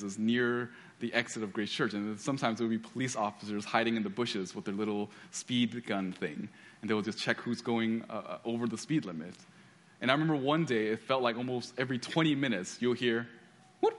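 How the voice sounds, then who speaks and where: A man's voice: medium pitch, a bit bright. A man giving a sermon, telling stories with frequent restarts and reading scripture aloud. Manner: storytelling with repeated restarts. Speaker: pastor.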